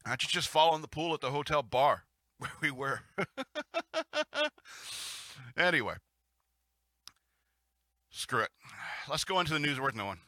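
A man's voice: on the high side, very animated, a little slow, pauses often, bright, forceful tone, no echo. A man hosting a talk radio show, rambling and chuckling through casual commentary and news reading, with frequent restarts.

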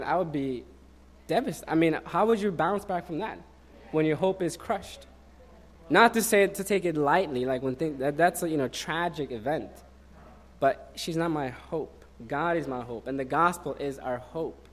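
A male preacher in his thirties talking through a sermon like a conversation. His voice sits a little high, and he tells personal stories loosely, with plenty of "you know" along the way. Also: fairly bright tone. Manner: conversational, personal storytelling with many fillers.

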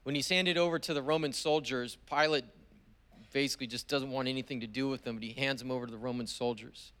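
A man preaching a sermon at a middle pitch. He retells a story vividly and slows right down on the key words, with weighty pauses between phrases. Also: steady tone, fairly bright tone. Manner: slow, emphatic preaching with long pauses. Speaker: pastor.

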